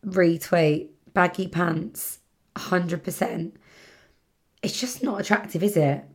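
A woman's voice: lowish voice, slow. A British woman hosting a casual solo podcast, chatting in a rambling way, full of fillers and self-corrections. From Britain. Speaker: podcast host. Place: home setting near the seaside.

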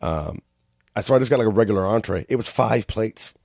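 A man's voice: fairly low pitch, a little fast, creaky, no room sound, clean studio sound. A man from Canada telling travel stories in casual chat, acting out the people he met. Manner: animated storytelling, acts out quoted people loudly. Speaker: storyteller in a casual conversation.

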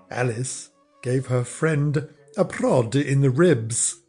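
Slow, measured male narrator. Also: mid-range voice, a little mellow, husky, faint music behind. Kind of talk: scripted comic narration.

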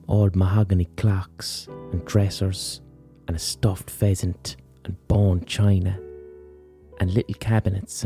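A man's voice: deep voice, creaky, dark tone. A man hosting a podcast, telling a frank, sweary personal story in a casual monologue. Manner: frank and sweary, chatty asides. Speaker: podcast host.

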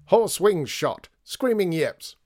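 A man reading a storybook, voicing a loud, red-faced older man who is hard of hearing and bellows every word. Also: lowish voice, level tone, moderate pace, no room sound, studio quality. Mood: bellowing. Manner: roaring, bellowing.

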